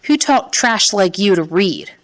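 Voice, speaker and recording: A woman's voice: medium pitch, lively intonation, measured pace, natural voice. A woman voicing a contemptuous, violent man in a suit who sneers his questions. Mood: sneering.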